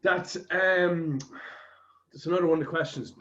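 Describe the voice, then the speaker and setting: A man's voice: on the high side, fairly even intonation, moderate pace, a bit bright, dull audio. A man with an Irish accent hosting a podcast, telling a rambling anecdote in casual chat and swearing freely. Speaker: podcast host.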